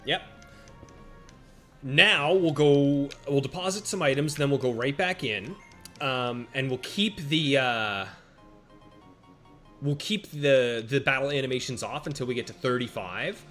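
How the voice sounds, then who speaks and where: A man giving casual live-stream commentary while playing a monster-battle game, chatting with viewers by name and reacting out loud to each turn. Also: medium pitch, unhurried, long pauses. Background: faint game music.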